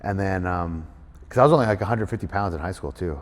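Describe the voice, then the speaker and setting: A middle-aged man telling his story in a casual interview, animated, acting out other people's voices, with many fillers. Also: low voice, quick pace. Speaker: guest wrestler. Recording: hall reverb.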